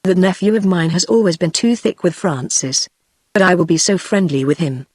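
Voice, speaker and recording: A woman's voice: fairly low pitch, lively intonation, moderate pace, darkish tone, no echo. A British-accented synthetic woman's voice reading the lines of an aging English king in formal archaic speech. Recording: dry synthetic voice.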